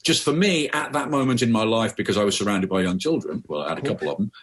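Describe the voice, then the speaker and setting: A middle-aged man from Birmingham, a guest author speaking in an animated, conversational interview. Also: lowish voice, fast, husky. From Birmingham, England. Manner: animated storyteller, repeats words.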